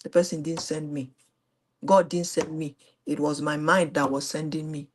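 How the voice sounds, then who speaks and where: Animated Nigerian woman telling a story. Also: normal speed, a little hiss or hum. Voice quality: expressive, swings from high exclamations to low asides. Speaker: host. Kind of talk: animated storytelling to a live audience.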